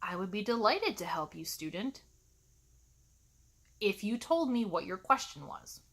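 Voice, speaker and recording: A woman's voice: medium pitch, very animated, unhurried, fairly bright tone. Snarky exasperated woman instructor. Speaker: college instructor. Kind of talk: ranting vlog to camera.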